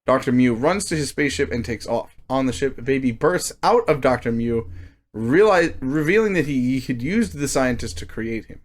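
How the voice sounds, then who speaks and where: A man's voice: mid-range voice, lively intonation, normal speed. A young man co-hosting a casual chat, reading out a plot summary with fillers and laughs. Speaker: podcast co-host.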